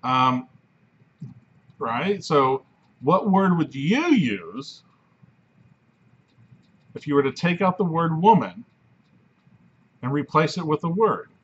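Husky guy lecturing on philosophy, keeps asking "right?", muffled lo-fi sound. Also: a little high, lively intonation, slow, pauses often, a bit bright. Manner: conversational, frequent "right?" checks. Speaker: philosophy professor. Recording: dull lo-fi recording.

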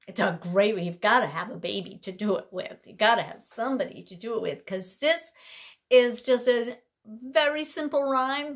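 A woman leading toddler rhyme time at the library, her high voice leaping all over in a sing-song way. She speaks slowly and gently, playing along with a baby doll. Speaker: library storytime leader.

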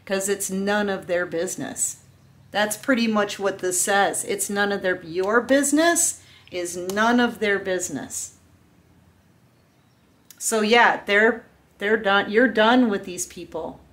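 A woman's voice: medium pitch, takes it slowly, a bit bright. A woman giving a casual collective tarot reading, speaking earnestly and directly to the viewer in a loose, chatty way. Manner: earnest, heartfelt, talks straight to the viewer. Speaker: tarot reader.

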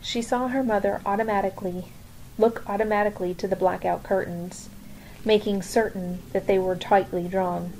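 A woman reads a novel aloud in a calm, measured way. Her voice is mellow and warm, with a faint hiss of noise behind it. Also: mid-range voice, low-quality recording. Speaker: reader. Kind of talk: audiobook narration.

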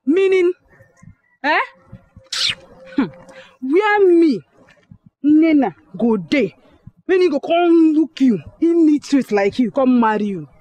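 A woman's voice: high-pitched, expressive, slow, long pauses, dark tone, muffled recording, a little hiss or hum. An actress playing a bold, bossy young village woman with a Nigerian Pidgin accent, quarrelsome in a film scene. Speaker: village girl.

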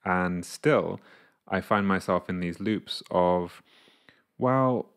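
Guy with a deep gravelly voice, thinking out loud, talks thru examples. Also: level tone, slow. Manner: thoughtful, explains with examples, acts out inner voices. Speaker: coach. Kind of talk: casual reflective monologue to camera.

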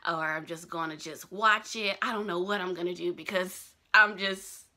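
A woman's voice: on the low side, moderate pace. Gushing woman vlogger. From Georgia, US. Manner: gushing, excitable, repeats herself. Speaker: fan news vlogger. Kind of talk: casual vlog chat.

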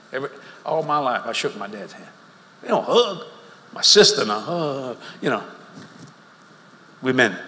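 A man's voice: mid-range voice, bright, forceful tone, slight background noise. An older man with a Louisiana accent preaching a sermon through folksy, joking stories, recorded in a large meeting hall. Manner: folksy, joking, drawling storyteller. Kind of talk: humorous sermon storytelling. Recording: reverberant hall with faint ambience.

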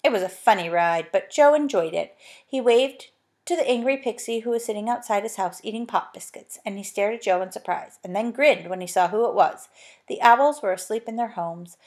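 A woman reading a children's storybook aloud, gentle and chatty, with little asides to the listener. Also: medium pitch, brisk. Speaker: narrator.

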